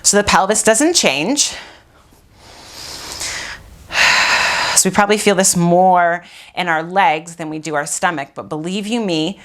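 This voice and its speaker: A woman instructor counts and cues a mat workout at an unhurried pace, her voice sitting a little low. She exercises along with the class, so she sounds winded, with sighs and breaths between the cues. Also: fairly bright tone. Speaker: pilates instructor.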